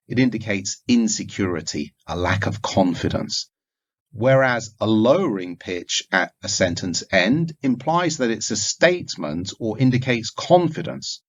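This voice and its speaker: A man giving a recorded lecture, explaining points in a measured way with occasional fillers. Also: on the low side. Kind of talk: recorded lecture on communication skills. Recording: dull lo-fi recording.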